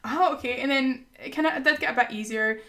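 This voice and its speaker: A woman guest on a podcast, telling a story in a casual, animated way and laughing often. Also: high voice, fast talker.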